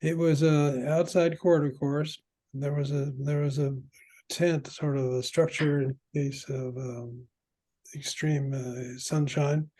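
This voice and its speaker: An older man, a veteran player, telling rambling stories from the old days with halting restarts. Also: a little high, flat delivery, mellow. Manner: halting, many restarts while recalling. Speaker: guest, veteran padel player. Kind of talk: rambling anecdotal storytelling.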